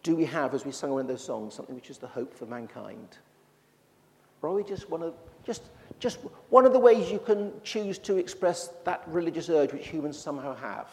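A man's voice: fairly high pitch, expressive, brisk, long reverb tail. A man preaching a sermon in a church, talking in a conversational way with frequent restarts.

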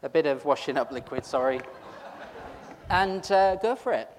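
High-pitched guy preaching, joking around with the crowd, lots of hall echo. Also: lively intonation, moderate pace, a little hiss or hum. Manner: playful, chatty, teasing, self-interrupting. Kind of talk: interactive Easter sermon with audience participation. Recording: long reverb of a large hall.

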